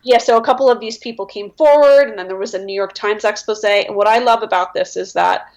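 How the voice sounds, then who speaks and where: A woman guest on a podcast, telling stories in animated, enthusiastic casual chat. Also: medium pitch, a little fast.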